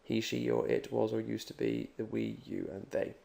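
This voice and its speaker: Upbeat man teaching a recorded language lesson, mellow, heavy fry. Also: lowish voice, level tone, moderate pace. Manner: upbeat, talks straight to the learner. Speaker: Spanish teacher.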